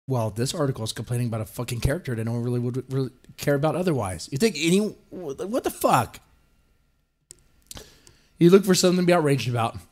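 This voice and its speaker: A man hosting a podcast, ranting and swearing and mocking the people he quotes in put-on voices. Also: on the high side. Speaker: podcast host. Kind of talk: ranting commentary.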